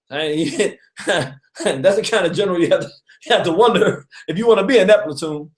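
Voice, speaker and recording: A man hosting a casual radio talk on history, an animated storyteller who chuckles often and acts out quotes. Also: sits high, fairly quick, roomy sound. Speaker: radio show host.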